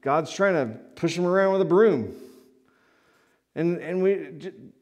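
A male pastor preaching a sermon full of stories. His delivery is animated: he swings from soft asides to loud, emphatic peaks. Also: a little high, measured pace. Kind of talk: sermon with storytelling.

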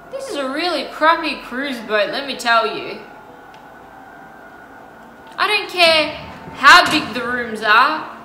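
A woman's voice: sits high, pushed and bright, roomy sound, a little hiss or hum, rough recording. A woman hosting a horror game playthrough, jumpy and chatty, gasping and shrieking at scares and talking to her viewers. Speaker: gaming channel host. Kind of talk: horror game let's play commentary.

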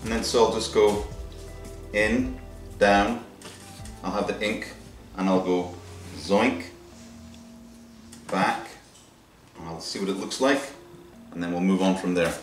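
A man's voice: deep voice, steady tone, measured pace, distant mic. A man vlogging his screen-printing work in a casual, chatty way, thinking aloud and adding playful sound effects. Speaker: maker vlogger. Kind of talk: casual workshop narration. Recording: roomy sound with music behind.

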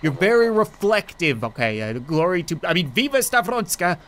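Excitable man doing game commentary. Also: a little high, moderate pace. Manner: joking, excitable, talks to game characters. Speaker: gaming YouTuber. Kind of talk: let's play commentary.

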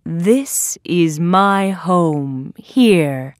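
A woman doing a kind, soft-spoken bird. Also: on the low side, no room sound, clean studio sound. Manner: calm, soft and slow. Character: kind male bird, a loyal friend.

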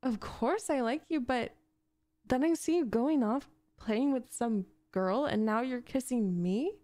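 A woman's voice: fairly high pitch, measured pace, dark tone, no echo, natural voice. A young woman voicing a possessive, jealous gamer girl in an audio role-play, talking in a bossy, defensive, flustered way. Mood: flustered, angry. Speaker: voice actress.

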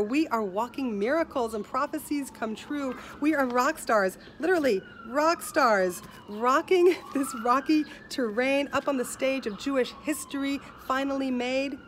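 A woman with a somewhat high voice delivers a heartfelt talk over a video call. Her speech turns rhythmic and rhyming like spoken-word poetry, often sinking softer and quieter. A faint hiss of noise sits behind her. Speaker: speaker at an online festival.

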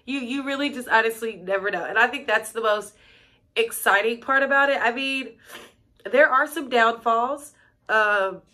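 A young woman chats her way through stories in a casual vlog, leaning on "like" and "um"; she vlogs and teaches middle school. Her fairly high voice is bright and pushed, at a moderate pace.

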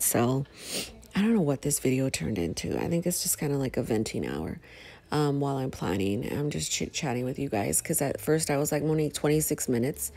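A middle-aged woman, chatting casually to her viewers while planning, rambling and expressive. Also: a bass voice. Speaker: planner vlogger. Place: home.

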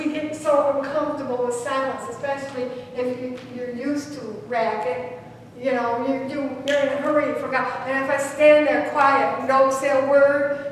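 Woman preaching in an echoey hall. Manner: swings between loud preaching and hushed quiet. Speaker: pastor. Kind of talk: sermon. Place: church sanctuary. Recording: echoey church hall from far off, faint rumble.

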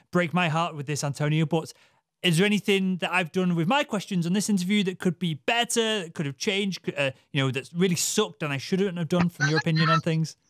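A man's voice: on the high side, a bit bright, dry recording, studio quality. A man hosting a podcast interview, thinking aloud and restarting his sentences as he goes. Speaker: podcast host. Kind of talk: interview conversation.

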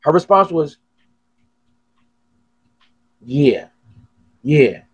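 Male podcast host, fairly high, husky voice, dry sound, swears a lot. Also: drawn-out words, no echo. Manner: profane, animated storytelling. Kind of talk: casual chat.

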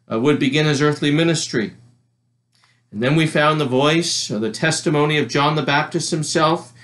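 A male pastor preaching a church sermon, reading scripture aloud in a measured way. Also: medium pitch, fairly bright tone.

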